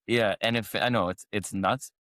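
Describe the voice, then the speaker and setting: A podcast co-host, a man with a fairly low pitch and a bit of brightness, talks at a moderate pace in a steady tone. He chats casually, telling a rambling story full of fillers and restarts, and the recording is studio quality with no room sound.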